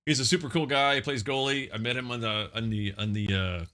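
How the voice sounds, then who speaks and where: A man's voice: mid-range voice, brisk, pushed and bright. A man hosting a live podcast, joking loosely and swearing freely in casual banter. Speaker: podcast host.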